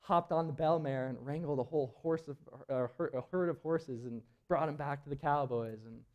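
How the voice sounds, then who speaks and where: A man's voice: a little high, brisk, muffled recording. A young man telling a climbing story to a live audience in an auditorium, rambling and laughing, full of filler words. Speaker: presenter at a climbing event.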